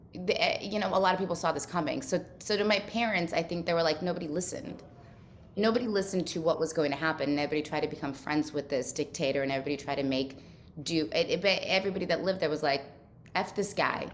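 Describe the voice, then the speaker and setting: A woman from Ukraine talks earnestly as an interview guest, her thoughts spilling into long run-on sentences. Her voice sits a little low for a woman. A faint low rumble hums under the recording. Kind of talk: casual conversational interview.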